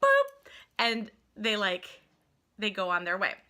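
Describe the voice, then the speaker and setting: A woman vlogger casually telling a family trip story, gushing and animated, saying "like" constantly. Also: mid-range voice, measured pace. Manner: animated and gushing, heavy use of "like".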